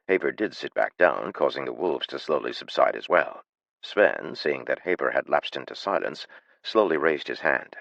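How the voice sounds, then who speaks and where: A man narrating an audiobook in a measured, even storytelling manner. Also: extremely low pitch, vocal fry, no echo, lo-fi sound.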